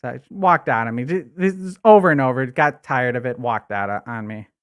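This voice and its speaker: A man's voice: mid-range voice, a little fast, clean tone, lightly acted. A man putting on a bitter, crude, coked-up male commercial actor who rants and stammers for a comedy livestream. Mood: sleazy. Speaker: livestream host. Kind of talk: comedic character rant.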